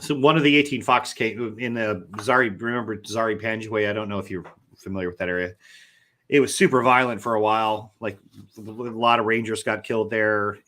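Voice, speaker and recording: A lower-voiced man telling war stories in loose, profane chat on a live stream. He acts out both sides of old conversations and swears freely as he goes. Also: fairly quick. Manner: profane, animated storytelling. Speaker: podcast co-host. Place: home studio, live stream.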